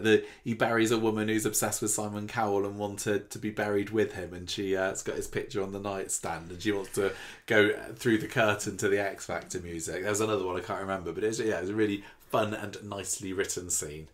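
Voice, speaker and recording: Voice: low-pitched, fairly even intonation, fairly quick. A co-host with a British accent in casual chat about a soap, making dry, wry remarks. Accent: British English. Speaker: podcast co-host.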